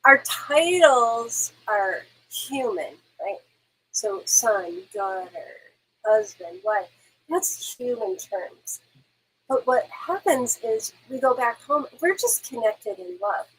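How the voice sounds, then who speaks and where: A woman medium talks in a soft, soothing way, comforting listeners during a live stream. Her voice is a touch high and breathy. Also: sing-song, slow pace, rough recording. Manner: gentle, reassuring, soothing.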